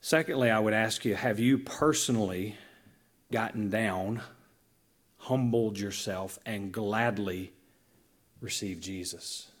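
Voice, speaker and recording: A male pastor preaching to his congregation. His voice is a little husky, and he tells stories with lively, emphatic changes in loudness and pace. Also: on the low side, slow, long pauses. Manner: animated storytelling with emphatic dynamic shifts. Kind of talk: sermon.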